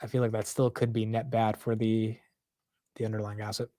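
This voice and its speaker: A man hosting a live stock market stream, talking casually and excitably with loose slang and frequent laughs. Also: lowish voice, fairly quick, no echo, clean studio sound. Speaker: market livestream host.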